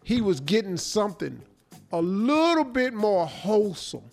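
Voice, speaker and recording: A man's voice: high-pitched, sing-song, unhurried, gravelly, a little mellow, soft background music. A man hosting a radio show, reading out a listener's letter and teasing it with comic commentary. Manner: playful, teasing, breaks into laughter.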